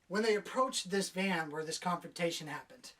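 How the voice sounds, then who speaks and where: A woman's voice: fairly low pitch, moderate pace, fairly bright tone. Sarcastic lady ranting about a movie, lots of swearing, kinda far from the mic. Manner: sarcastic, profane, acts out characters' lines. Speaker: movie reviewer. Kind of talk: casual spoken film review.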